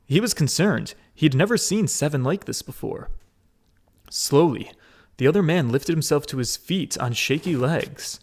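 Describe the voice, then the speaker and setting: A man playing through a story game, reading the text aloud and breaking off into casual commentary. His voice sits a touch high and moves through a lively, wide pitch range. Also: normal speed. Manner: casual, expressive reading with swearing asides. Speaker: let's play gamer.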